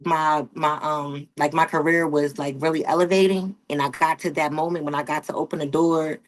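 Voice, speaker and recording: A woman from Wilmington, Delaware, with a Delaware accent, telling animated, slangy stories as a podcast guest. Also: deep voice, moderate pace. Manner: animated storytelling, slangy, rising emphasis. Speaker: guest, model and confidence coach. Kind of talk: casual interview chat.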